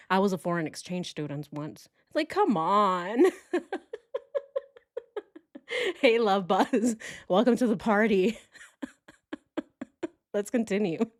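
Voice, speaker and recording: Brief: woman true crime vlogger, slow delivery, dry close sound, keeps breaking into disbelieving laughter. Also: medium pitch, animated, dry recording. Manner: incredulous, laughs often. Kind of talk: casual reaction commentary.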